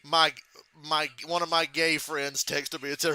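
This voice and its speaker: Guy chatting on his stream, swearing a lot, laughing at his own stories, really bright sharp voice. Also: on the high side, steady tone, moderate pace, clean tone, no echo. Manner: profane, laughing storyteller. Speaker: channel host. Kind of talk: casual live reaction chat.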